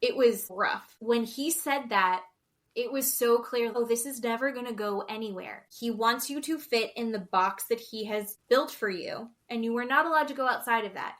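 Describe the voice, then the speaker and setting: Woman, podcast co-host, high bright voice, animated, swears, casual recap chat. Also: normal speed. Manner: animated, acts out quotes in voices, swears freely.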